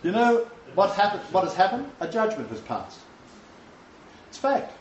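Animated male preacher in a roomy, dull recording. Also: high-pitched, moderate pace, a little hiss or hum. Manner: animated, emphatic scripture quoting with restarts. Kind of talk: informal home-group sermon.

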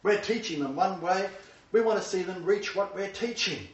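Preaching emphatically to a small congregation, a man with a high-sitting voice speaks at normal speed and raises his voice when quoting scripture and God. The distant mic gives a dull sound with roomy echo.

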